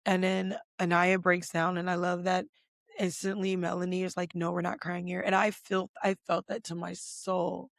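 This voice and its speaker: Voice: mid-range voice, gravelly, dry recording, clean studio sound. A podcast host doing a casual pop culture recap, ranting bluntly and profanely, with lots of "like" fillers. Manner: filler-heavy with many "like"s.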